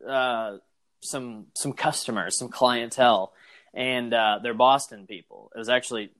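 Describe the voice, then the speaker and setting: A man's voice: mid-range voice, fairly even intonation, a little slow, fairly bright tone. Rambling laid-back man on a podcast. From Arkansas. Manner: rambling storyteller, acts out quotes, swears. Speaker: podcast co-host. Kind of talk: casual chat.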